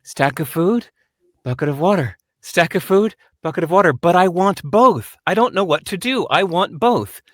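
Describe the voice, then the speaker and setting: A man's voice: high voice, lively intonation, moderate pace, fairly bright tone, no echo, clean studio sound, pitched above the performer's own voice. A man voicing a hungry, thirsty male donkey who can't make up his mind, in a whiny, fretful way.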